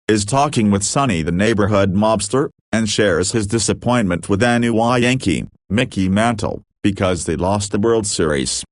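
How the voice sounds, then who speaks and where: A man reading online posts aloud in an even, matter-of-fact way. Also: fairly low pitch, dry recording, clean studio sound. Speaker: story reader.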